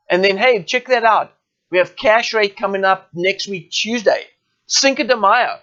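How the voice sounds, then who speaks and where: In a live trading webinar walkthrough, a South African man who teaches forex guides viewers through charts, speaking informally and frequently checking in. His voice is high-pitched and a bit bright, though the audio is dull.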